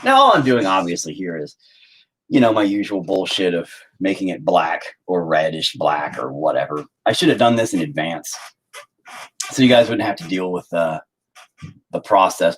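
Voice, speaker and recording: A man's voice: big pitch swings, moderate pace, breathy edge, rough recording. A man in his thirties chatting crudely and jokingly at home while painting on a livestream. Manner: crude, joking, often puts on shrill mocking voices. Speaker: artist livestreaming a painting session. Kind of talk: casual rambling livestream chat.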